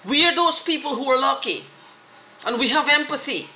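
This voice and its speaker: A woman's voice: high-pitched, moderate pace, pushed and bright, roomy sound, a little hiss or hum. A woman in an angry, profane, repetitive rant, talking straight to the camera. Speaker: vlogger. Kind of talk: agitated monologue to camera.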